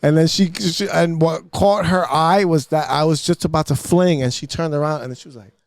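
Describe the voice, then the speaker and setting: A man's voice: on the high side, steady tone, moderate pace, dry recording, studio quality. A young man from New Jersey chatting on a podcast, telling profane stories and laughing as he goes. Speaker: podcast guest. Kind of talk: casual podcast chat. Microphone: studio mic.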